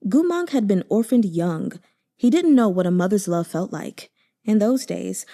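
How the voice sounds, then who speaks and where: A woman narrating a novel aloud with expressive, emotive delivery. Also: medium pitch. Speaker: audiobook reader.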